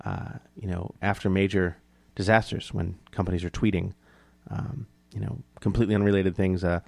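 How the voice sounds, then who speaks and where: A man being interviewed, telling stories casually and animatedly, jumping up in pitch to act out other people. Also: normal speed, creaky, no room sound. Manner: animated, acts out quoted voices in a higher pitch. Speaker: guest. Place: New York City.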